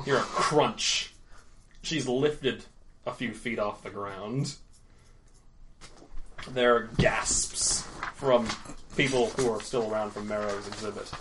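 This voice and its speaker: A man running a tabletop game as game master, narrating scenes in a relaxed storytelling manner. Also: on the low side, slow pace, long pauses, background noise.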